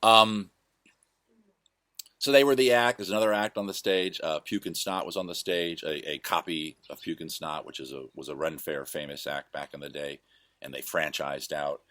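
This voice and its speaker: A man's voice: rumbling low, steady tone, normal speed, fairly bright tone, no echo. A man hosting his own show, casually telling rambling, self-correcting stories from his past. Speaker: host. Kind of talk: casual storytelling monologue.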